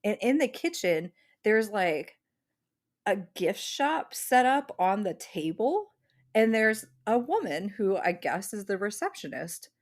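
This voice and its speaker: Speaking slowly with big swings in her medium-pitched voice, a female podcast co-host meanders through a lengthy story. Her casual talk is heavily sprinkled with "like."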